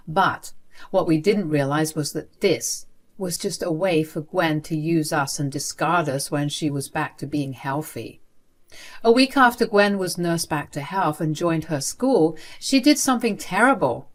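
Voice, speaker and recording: A woman narrating a first-person family drama story in a matter-of-fact way. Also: on the low side.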